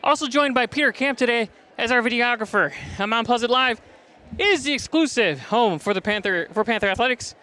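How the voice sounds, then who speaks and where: Bright breathless high school sports announcer man. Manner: energetic, fast-talking, reading stats and names. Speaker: play-by-play broadcaster. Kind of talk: sports broadcast preview. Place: top of gym bleachers.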